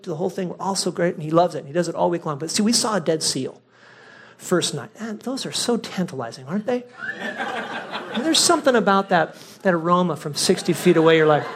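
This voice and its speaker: Pastor, storytelling sermon, animated and self-mocking, mid-pitched voice, church setting. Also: fast, slight background noise. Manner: animated, self-mocking, swings from loud to hushed.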